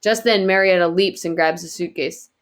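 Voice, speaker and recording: A woman reading a novel aloud in quiet, earnest first-person narration. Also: on the low side, normal speed. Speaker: audiobook reader.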